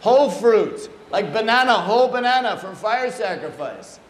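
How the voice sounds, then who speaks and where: A man's voice: fairly high pitch, expressive, takes it slowly, pitched below the performer's own voice. A man doing an elderly Bengali-accented guru. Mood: insistent. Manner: clipped, commanding instructions. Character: elderly male Indian spiritual teacher, patient but exacting. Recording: echoey room, faint noise.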